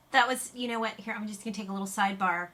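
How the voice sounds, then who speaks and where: Chatty American woman, bright voice. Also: medium pitch. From United States. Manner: chatty and rambling, with frequent fillers, restarts and little laughs. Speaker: YouTube vlogger. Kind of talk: casual chat to camera.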